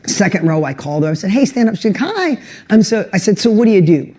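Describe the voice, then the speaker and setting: A man giving a motivational talk to an online audience, telling animated stories and often restarting his sentences. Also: high-pitched, rapid-fire. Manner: animated, acts out quoted voices, restarts sentences; speaks directly to an online audience. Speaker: business coach and motivational speaker.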